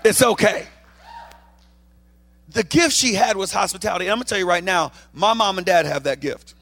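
A man preaching a lively sermon to a church congregation, reading scripture and making playful asides, with a loud, animated delivery. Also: sits high, a little fast, gravelly. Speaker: guest preacher.

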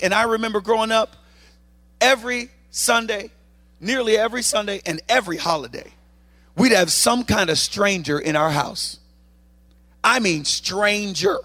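Male guest preacher, high voice, loud and animated, playful asides between scripture. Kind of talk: sermon.

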